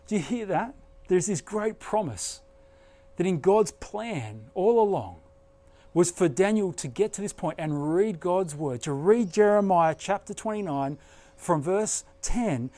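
High-voiced man preaching earnestly. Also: mellow. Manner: earnest, emphatic preaching with rising bursts. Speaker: pastor. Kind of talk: sermon.

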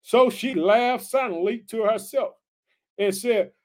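A man with a high-pitched voice preaches an energetic Bible study sermon at a brisk pace. He reads scripture aloud and comments on it, fired up and calling his listeners family.

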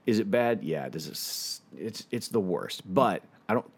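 A man co-hosting a casual podcast. His voice is very low but moves around a lot in pitch. He answers in short, dry one-liners. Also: lively intonation, normal speed, creaky, husky. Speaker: podcast co-host.

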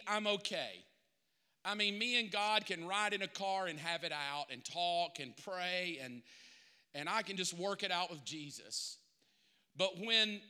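A man's voice: high voice, bright, forceful tone, clear, resonant tone, big-room sound. A middle-aged male pastor preaching a sermon, confessional and emotional, building to impassioned peaks.

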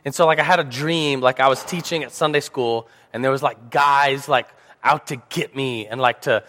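Young man, slight sore throat, rambling filler-filled Sunday school teaching, mid pitch, long hall reverb. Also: steady tone, normal speed, sharp tone. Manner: rambling, filler-heavy, joking. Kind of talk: casual church teaching talk. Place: church hall.

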